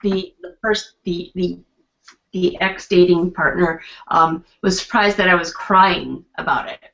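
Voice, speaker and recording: A woman's voice: on the low side, steady tone, unhurried, gravelly, a bit bright, muffled recording. Chatty, rambling woman on a podcast. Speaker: podcast guest. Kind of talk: casual chat.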